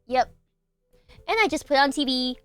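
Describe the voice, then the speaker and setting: A woman streamer chatting casually with her audience, bubbly and giggly, leaning on filler words. Her voice sits fairly high and sounds dry and close. Faint music plays quietly behind her. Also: moderate pace, no room sound. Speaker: livestream host. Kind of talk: casual chat with viewers.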